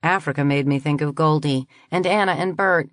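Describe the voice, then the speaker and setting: Low-voiced woman reading an audiobook. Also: a little fast, no echo, studio quality. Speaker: audiobook narrator. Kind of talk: scripted first-person narration.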